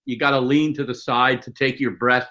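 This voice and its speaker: An older man telling stories as an interview guest, lively and full of quick asides. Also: mid-range voice, low-quality recording. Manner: animated storyteller, quick asides and mock voices. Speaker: sportswriter guest. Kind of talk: conversational interview storytelling.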